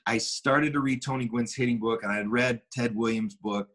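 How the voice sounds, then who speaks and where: A man's voice: medium pitch, steady tone, normal speed, a bit bright. A middle-aged man, a former baseball player, casually telling a long anecdote with restarts and quoted dialogue. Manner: rambling, with many restarts and acted quotes.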